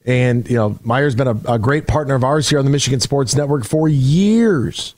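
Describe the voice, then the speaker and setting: A man's voice: mid-range voice, moderate pace, dry recording, clean studio sound. Chatty sports radio host, man. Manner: energetic, rambling, many restarts. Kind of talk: call-in sports talk.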